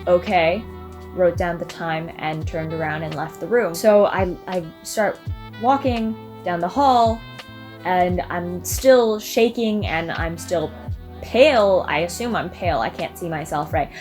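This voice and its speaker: A young woman vlogger casually telling stories to the camera in a dramatic, animated way. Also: on the low side, unhurried, faint music behind. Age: young adult.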